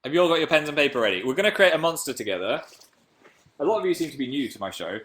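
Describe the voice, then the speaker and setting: A man's voice: on the high side, very animated, very fast, a bit bright. A young man from England hosting a casual live stream, chatting playfully and reading out viewer comments.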